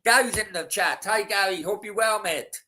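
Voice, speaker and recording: A man's voice: sits high, normal speed, pushed and bright. A man hosting a casual live stream, rambling, swearing freely and talking straight to his chat. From Wales.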